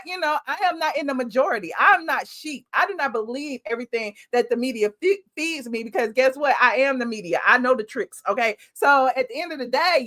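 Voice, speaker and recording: Sassy high-voiced woman streamer. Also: a bit bright. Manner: sassy, emphatic, talks straight to viewers. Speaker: live-stream commentary host. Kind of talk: casual live commentary.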